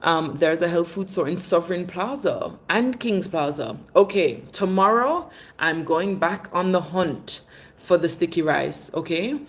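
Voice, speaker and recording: Her voice is fairly low and a bit slow, but her intonation is lively as this Jamaican livestream host chats openly with viewers. She reads their comments in a casual way and calls them babe.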